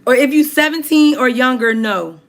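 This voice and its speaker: A woman's voice: high voice, moderate pace, fairly bright tone. A woman hosting a livestream, chatting casually with viewers and reading out their comments in a chatty, emphatic way. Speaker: livestream host.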